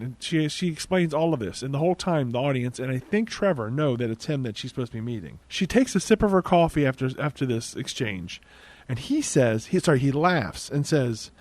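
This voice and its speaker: A man's voice: medium pitch, lively intonation, brisk, a little mellow, dry recording. A man casually recapping a movie plot, breaking off into sarcastic, incredulous asides. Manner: conversational, with restarts. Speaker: movie reviewer.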